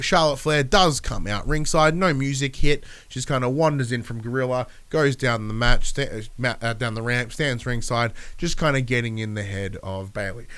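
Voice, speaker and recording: A man with a stuffy nose and a smooth, clear voice, rambling through a solo recap. He swears freely and talks loosely, sounding a little under the weather. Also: medium pitch, fairly bright tone. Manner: rambling, swears, acts out wrestlers' lines. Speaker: podcast host.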